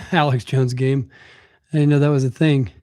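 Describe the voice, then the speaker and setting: A man's voice: mid-range voice, steady tone, a little slow, darkish tone. A man streaming live, casually answering his viewers' chat in easygoing banter while working out. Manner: easygoing, laid-back banter. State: working out between comments. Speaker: livestreamer.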